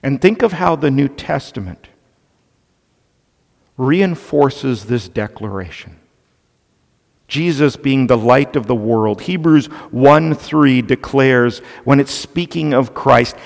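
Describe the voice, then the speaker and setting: A man preaching an expository sermon, slow and deliberate, stressing key points with emphasis. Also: mid-range voice, vocal fry. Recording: long reverb of a large hall.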